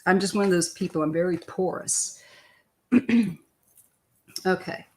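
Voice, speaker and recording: Older woman, Missouri-born tarot reader, live-stream style: loose, chatty, throat-clearing. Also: fairly low pitch, a little slow.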